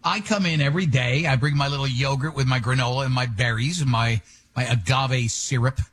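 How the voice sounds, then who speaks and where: Teasing radio co-host, slightly husky. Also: male voice, medium pitch, fairly quick, fairly bright tone. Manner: teasing, blunt, jokey interjections. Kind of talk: casual radio banter. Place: radio studio.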